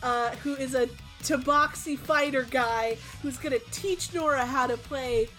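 High-voiced young woman recapping with profanity. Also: sharp tone, soft background music. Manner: fast, profane, giggly recap with quoted voices. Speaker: player recapping a tabletop game. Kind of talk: casual chat.

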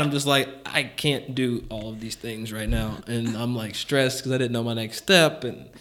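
A man's voice: mid-range voice, fairly even intonation, normal speed, few pauses, sharp tone. A man hosting a casual chat, telling a personal story candidly with lots of "like" fillers and frequent chuckles.

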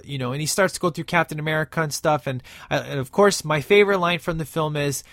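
A man's voice: on the high side, quick pace, few pauses, fairly bright tone, dry recording, studio quality. A man giving a casual, enthusiastic movie review, rambling with many fillers and restarts.

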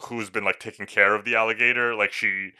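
A man's voice: lowish voice, brisk, smooth. A man co-hosting a movie review podcast in casual chat, ranting and swearing freely. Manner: profane, ranting, animated. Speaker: podcast co-host.

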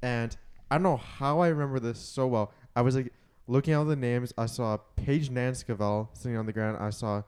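A man co-hosting a podcast, chatting casually with friends and telling animated stories with frequent laughs. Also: medium pitch, a little fast, few pauses, smooth. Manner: animated storyteller, laughs often. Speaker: podcast co-host. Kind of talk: casual chat among friends.

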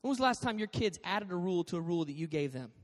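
A man with a high voice preaches with animated, joking energy, telling stories as he goes. His words ring out through a long hall reverb in a church sanctuary. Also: very fast. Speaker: pastor. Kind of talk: sermon.

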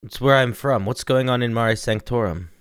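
A man playing a tabletop game in character, speaking quietly and hesitantly. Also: mid-range voice, moderate pace, clean tone, dry recording, studio quality. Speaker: player.

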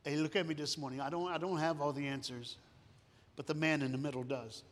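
A man preaching a storytelling sermon, moving between hushed and loud, sometimes singing lines of a song. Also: a little high, fairly even intonation, fairly quick. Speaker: guest preacher. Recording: long hall reverb.

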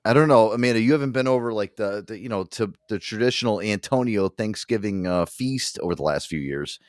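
A man's voice: lowish voice, fairly quick, no room sound, clean studio sound. A man co-hosting a casual chat, stammering and swearing, stuffed and queasy after a huge meal. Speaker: co-host.

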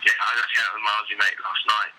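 A man's voice: lowish voice, little pitch movement, racing, noisy background. A young English man in a band, chatting in an interview, rambling with lots of fillers and casual swearing. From England. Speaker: band member.

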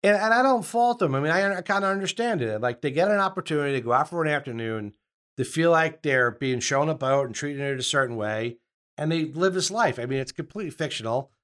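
A man's voice: medium pitch, expressive, fast talker, fairly bright tone. A man with a Long Island New York accent, a yacht broker guest talking casually with many restarts and "I mean" fillers. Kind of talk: casual interview talk.

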